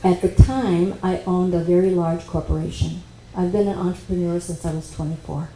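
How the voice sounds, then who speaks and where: Woman workshop speaker, dark low voice, storytelling in an echoey hall with faint hiss. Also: moderate pace. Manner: animated, conversational, with quoted dialogue. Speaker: speaker at a spiritual expo workshop. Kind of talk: personal storytelling talk. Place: expo workshop room. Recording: echoey room with faint noise.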